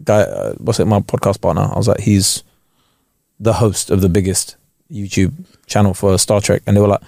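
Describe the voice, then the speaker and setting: A man's voice: lowish voice, expressive, normal speed, creaky, a little mellow, dry recording. Man, comedian co-host, laid-back swearing storyteller, dry close sound. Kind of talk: casual chat.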